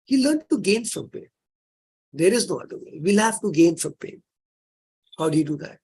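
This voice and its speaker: Indian guy lecturing on religion, husky voice, earnest and coaxing, drops hindi words in. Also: high voice, darkish tone. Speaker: lecturer on Jain practice.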